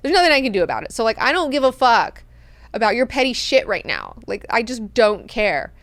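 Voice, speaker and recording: A woman's voice: mid-range voice, sing-song, moderate pace, dry recording. A woman voicing a stern, commanding male steward who scolds curtly and with profanity. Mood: exasperated.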